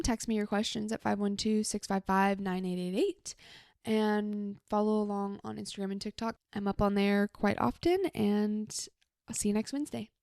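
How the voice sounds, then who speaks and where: A young adult woman hosts a solo advice podcast at a middle pitch, her voice slipping into a gravelly fry. She talks casually and reassuringly, scattering "like" through her sentences. The sound is dry and close, with no room around it. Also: no room sound. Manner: casual, reassuring, with many "like" fillers. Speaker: podcast host.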